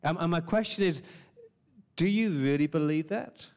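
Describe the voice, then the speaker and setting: A man's voice: a little high, normal speed, darkish tone, smooth. A man preaching a sermon, stressing key words through repetition and asking the listeners rhetorical questions.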